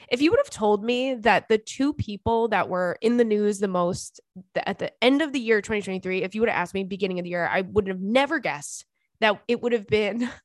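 A woman's voice: mid-range voice, no room sound, studio quality. A young woman hosting a podcast, chatting casually and reading listener emails in a sassy, giggly way. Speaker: podcast host.

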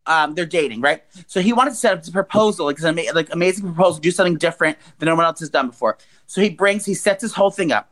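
A man in his forties co-hosts a podcast, telling crude stories in rambling, profane, casual chat. His voice is fairly high, fast and a bit bright.

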